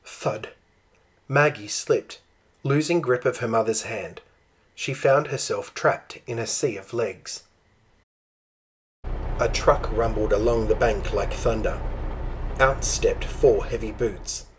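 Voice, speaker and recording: A man reading a children's picture book aloud in a slow, expressive storytelling manner. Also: medium pitch, a little hiss or hum. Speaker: storybook reader.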